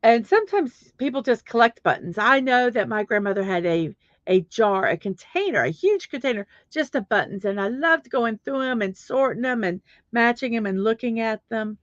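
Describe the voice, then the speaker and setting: A woman's voice: a little high, lively intonation, moderate pace, dry recording, dull audio. A middle-aged woman hosting a casual livestream, chatting in a rambling way with many fillers while she searches for things on her computer. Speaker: livestream host.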